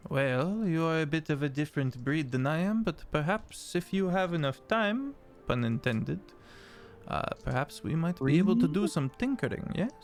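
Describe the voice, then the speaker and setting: A man's voice: on the high side, animated, moderate pace, soft background music. A man voicing an inquisitive, courteous male construct tinkerer with a put-on French accent and a formal, polite manner. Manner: formal, polite, curious questioning.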